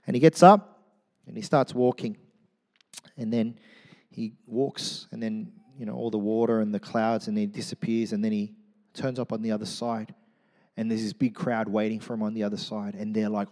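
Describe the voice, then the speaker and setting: A man preaching a sermon, telling a story with lively, acted-out crowd voices and casual asides. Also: mid-range voice, normal speed. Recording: long hall reverb.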